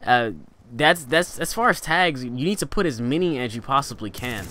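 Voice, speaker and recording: A young man in a casual vlog, rambling through advice with plenty of fillers and false starts. His voice is mid-pitched and sways up and down for emphasis. A faint hiss of noise sits under the recording. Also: expressive, moderate pace, sharp tone. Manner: rambling, with many fillers and restarts; pitch rising and falling for emphasis. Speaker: gaming channel host. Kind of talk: casual instructional vlog talk.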